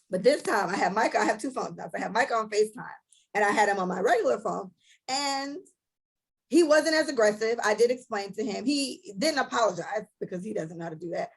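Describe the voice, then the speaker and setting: Gravelly, husky young woman telling a story. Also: a little high, expressive, fairly quick, rough recording. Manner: blunt, profane storytelling that acts out both sides of arguments. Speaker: podcast co-host. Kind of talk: casual podcast chat.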